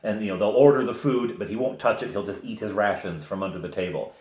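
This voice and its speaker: A man recounting a tabletop game session as game master, in an animated storytelling manner. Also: fairly low pitch, quick pace. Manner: animated storytelling, chuckles often. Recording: roomy echo.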